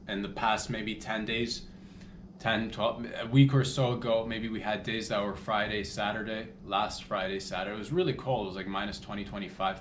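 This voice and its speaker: A man's voice: lowish voice, reverberant, slight background noise. A man hosting a comedy podcast, rambling loosely with crude jokes and asides. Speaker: podcast host.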